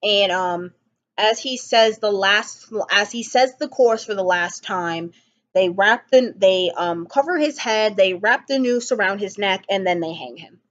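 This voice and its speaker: A woman's voice: mid-range voice, unhurried, a bit bright, lo-fi sound. A woman giving a casual spoken album review, enthusiastic and rambling, with frequent ums and restarts.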